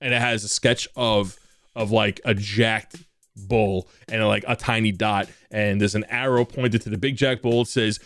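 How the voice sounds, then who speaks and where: A man narrating a tabletop game as game master in a relaxed, chatty way. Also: lowish voice, a little slow, no room sound, soft background music. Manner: relaxed, chatty, many fillers.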